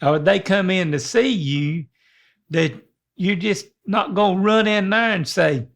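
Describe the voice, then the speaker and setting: A man's voice: high-pitched, a little slow, vocal fry, fairly bright tone. An older man, co-hosting a podcast in a rambling, folksy way. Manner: rambling, folksy, many restarts. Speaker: podcast co-host. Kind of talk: casual chat.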